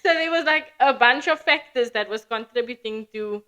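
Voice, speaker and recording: A South African woman with a flat local accent, a podcast guest chatting casually and acting out her own past thoughts in quick quoted asides. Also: fairly high pitch. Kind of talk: casual conversational storytelling.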